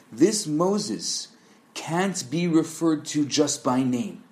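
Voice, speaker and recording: A man in scripted narration, teaching a Torah lesson in a measured, explanatory way and posing rhetorical questions. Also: on the high side, a little mellow.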